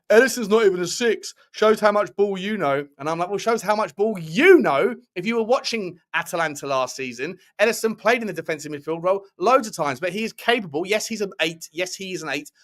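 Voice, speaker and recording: Host type: man, slightly higher voice, opinionated and rambling, reading viewer comments on a casual football stream. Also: a bit bright. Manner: chatty, opinionated, rambling with restarts. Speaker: football channel host reading live chat. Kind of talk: casual live-stream chat.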